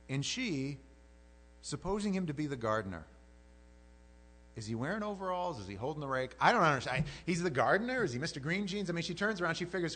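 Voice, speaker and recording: A middle-aged male pastor gives a sermon in a storytelling way. His pitch swings widely as he acts out the voices in the story. A faint electrical hum sits under the recording. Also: quick pace. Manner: animated storytelling, acting out voices. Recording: mains hum.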